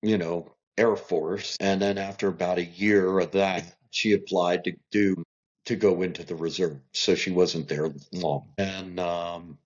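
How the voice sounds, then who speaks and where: A middle-aged man, a podcast guest, telling a long family story in an animated way and acting out what people said. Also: deep voice, unhurried. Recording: dull lo-fi recording.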